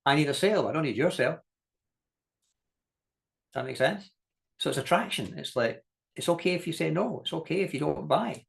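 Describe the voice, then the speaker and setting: Man coaching with lively stories. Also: fairly high pitch, fairly quick, creaky, pauses often. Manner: lively storytelling, acts out quoted voices, laughs often; direct, repeats key points for emphasis. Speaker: business coach. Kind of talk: masterclass teaching talk.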